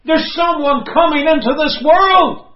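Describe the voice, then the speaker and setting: A man's voice: extremely high pitch, unhurried, reverberant, highs cut off, pitched above the performer's own voice. A man voicing a humble prophet who declares himself only a voice, preached with fervour. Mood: fervent. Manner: fervent, emphatic. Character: humble male prophet, earnest and self-effacing.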